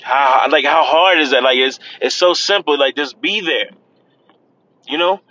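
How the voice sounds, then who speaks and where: A man's voice: a little high, a little slow, sharp tone, lo-fi sound. A man giving casual, earnest pep talk while driving, repeating himself and calling the listener "man". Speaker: podcast host. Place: in a car, driving.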